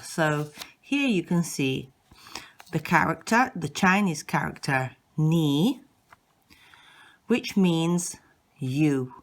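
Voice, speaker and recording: Slow, low-voiced woman teaching patiently. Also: fairly bright tone. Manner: patient, repeats and demonstrates sounds, occasional self-corrections. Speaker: language teacher. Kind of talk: slow instructional explanation.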